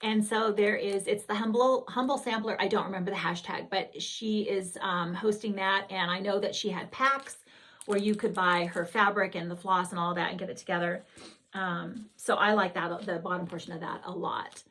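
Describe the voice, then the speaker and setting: A woman's voice: mid-range voice, fairly even intonation, moderate pace, fairly bright tone. A woman hosting a needlework video, chatting casually and gushing as she rambles and corrects herself. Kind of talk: casual chatty show-and-tell.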